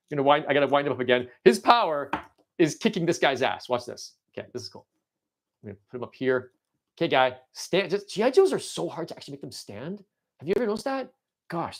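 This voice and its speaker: Excitable man hosting a toy-battle stream. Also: fairly high pitch, fast. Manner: excitable, rambling, with frequent restarts and shouting cheers. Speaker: livestream host. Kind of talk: livestream toy-battle commentary.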